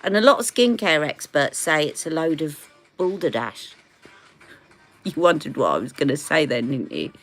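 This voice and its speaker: A woman's voice: deep voice, very animated, moderate pace, a bit bright, soft background music. A woman with a British accent hosting a casual beauty live stream, chatty and rambling, often laughing.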